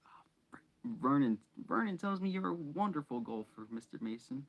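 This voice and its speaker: A man voicing a fussy, prim middle-aged aunt in a high, fluttery put-on voice. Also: expressive, moderate pace. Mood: gushing.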